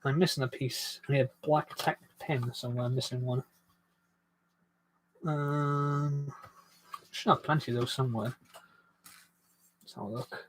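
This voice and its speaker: A man's voice: medium pitch, fairly even intonation, unhurried, long pauses, a little hiss or hum. A man hosting a casual live stream while building a toy set, rambling and self-deprecating as he reads viewer comments aloud.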